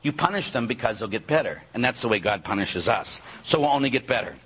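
A man, a priest, preaching a sermon in an animated way, full of rhetorical questions and quick asides. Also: mid-range voice, breathy edge, rough recording. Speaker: Catholic priest.

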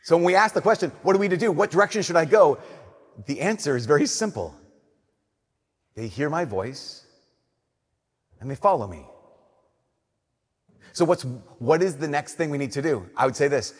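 Husky young priest in a reverberant church. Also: male voice, a little high, animated, normal speed, long pauses. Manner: earnest, conversational, drops to soft emphasis. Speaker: Catholic priest. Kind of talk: homily.

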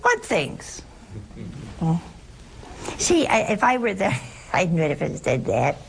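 A woman, leading a Bible study in an animated way and asking her listeners rhetorical questions. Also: on the low side, moderate pace, gravelly, a little hiss or hum. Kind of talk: conversational scripture talk.

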